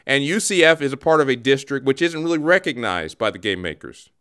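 A man hosts a comedy radio program in a mock-solemn, deadpan tone. His pitch rises and falls in lively swings as he talks. He sounds like a steady, middle-pitched presenter. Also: fairly quick, clean tone. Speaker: radio show host.

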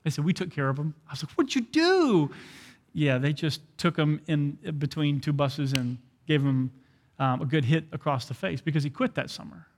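Pastor guy preaching, kinda high voice, tells stories with voices, big echoey hall. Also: moderate pace. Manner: animated storytelling, acts out quoted dialogue. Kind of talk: sermon.

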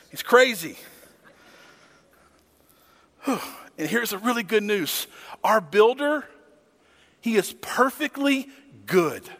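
A man preaching a sermon as pastor, emphatic, with repeated phrases and swings from loud to hushed. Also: high voice. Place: church sanctuary. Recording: long hall reverb.

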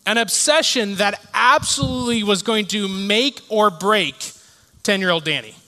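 High, bright-voiced man preaching in a hall. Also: unhurried. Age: 30s. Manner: animated storytelling, shifting to quiet reflection. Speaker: pastor. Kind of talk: sermon. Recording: reverberant hall sound.

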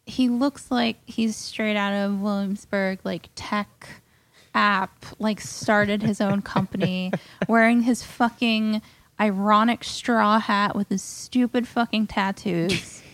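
A woman guest telling a comic story in a profane, animated and indignant rant. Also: medium pitch, slow, no echo.

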